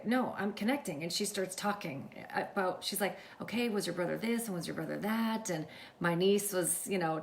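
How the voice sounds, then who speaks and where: Gravelly, low-voiced woman telling a story. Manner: animated, acts out quoted dialogue, keeps addressing viewers. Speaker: livestream host. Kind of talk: casual storytelling to viewers.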